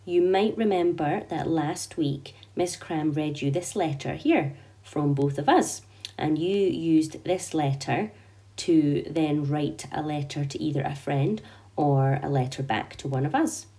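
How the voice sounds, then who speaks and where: A Scottish woman with a low, warm voice speaks a little slowly. She is a primary school teacher giving an online lesson and story read-aloud, patiently walking young children through how to write a letter.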